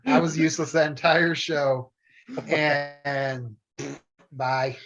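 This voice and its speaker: A man with a somewhat high, steady, slightly bright voice speaks slowly as he casually swaps stories about the train show he used to perform at a theme park, laughing often. The recording sounds dull and lo-fi.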